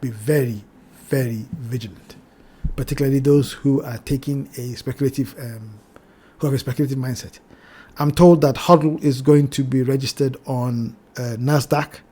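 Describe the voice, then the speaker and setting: A man hosting a trading channel, walking through price charts in a cautionary tone, repeating his warnings and addressing viewers as ladies and gentlemen. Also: medium pitch, steady tone, normal speed. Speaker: crypto trading channel host. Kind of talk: chart analysis talk.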